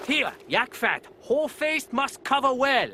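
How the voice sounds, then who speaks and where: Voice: sits high, sing-song, unhurried, pushed and bright, slight background noise, exaggerated voice. A backwards-talking mountain elder. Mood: stern. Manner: inverted word order. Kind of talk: animated series voice acting.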